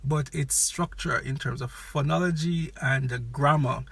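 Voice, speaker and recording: A man with a Jamaican accent, a language expert giving measured, explanatory interview answers and laughing easily. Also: medium pitch, creaky, a bit bright, breathy edge, dry recording.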